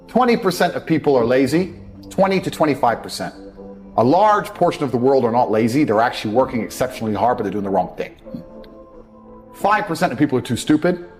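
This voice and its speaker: A man gives a blunt, profane motivational speech and mocks people's excuses. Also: a little high. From England. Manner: mocks others by acting out their excuses. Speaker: motivational speaker. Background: faint background music.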